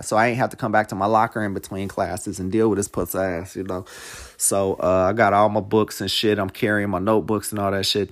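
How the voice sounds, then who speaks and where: A man hosting a podcast, telling a long personal story in a loose, profane, conversational way, often breaking into reflective life lessons. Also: on the low side. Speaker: podcast host. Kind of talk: casual storytelling monologue.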